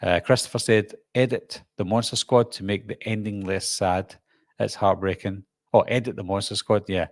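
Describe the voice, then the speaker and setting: A middle-aged man with a Glaswegian Scottish accent, hosting a relaxed live stream and chatting while reading out viewer comments. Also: fairly low pitch, normal speed, no echo. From Scotland. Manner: chatty, jokey, reads comments aloud and answers. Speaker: channel host.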